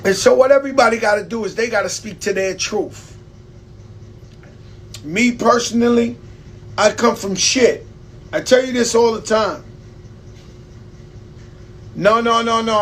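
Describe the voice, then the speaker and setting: Hosting a casual live stream, this man speaks in a high, slightly bright voice, unhurried and pausing often, with slight background noise. He spins loose, profane stories with laughter and a New York accent.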